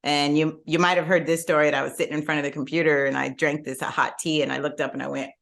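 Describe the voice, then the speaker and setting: A middle-aged woman with a low voice tells her story on a casual podcast. She laughs easily, and her pitch springs up when something amuses her. Her talk is warm and candid, with lots of loose fillers. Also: fast, creaky. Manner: lively storyteller, laughs often, jumps high when amused. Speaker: guest entrepreneur.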